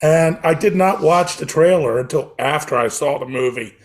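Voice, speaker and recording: A man with a fairly high voice talks about a film on a podcast. He is excited but halting, with plenty of ums. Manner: chatty, excited, hesitant with ums. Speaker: podcast co-host reviewing films. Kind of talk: casual chat.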